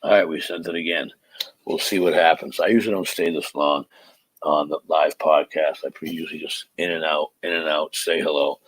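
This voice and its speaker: A man's voice: a bass voice, steady tone, fairly quick, husky, dry recording, rough recording. A middle-aged man, hosting a live podcast as a comic and telling stories in a rambling, stop-start way. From Boston area, USA. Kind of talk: casual live podcast chat.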